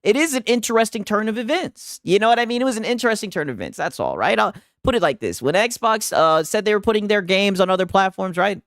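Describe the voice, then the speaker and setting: A man streaming his reactions to clips, teasing and laughing through his asides. His voice sits a bit high and swings all over the place. It sounds dry and close, with no room around it. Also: very animated, fairly bright tone, no echo. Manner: mocking, laughing, drawn-out asides. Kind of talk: casual reaction commentary.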